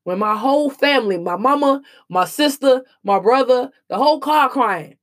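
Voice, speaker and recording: Her voice sits high and sounds expressive, moving at a moderate pace. This young woman gives an earnest, emphatic monologue about hard-won lessons, speaking in a casual, slangy way that makes it an emotional personal piece.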